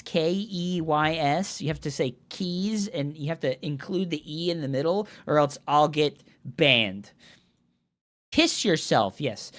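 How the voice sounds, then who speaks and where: Man, game streamer, excitable casting, lively pitch, chatty. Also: unhurried. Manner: excitable, jokey, chatty with viewers. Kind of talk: live game commentary and chat.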